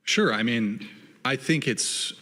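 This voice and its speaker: A man hosting a podcast, giving advice in a slow, deliberate way. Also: medium pitch, pushed and bright. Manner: gives advice in a measured, deliberate way. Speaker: podcast host. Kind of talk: casual podcast chat.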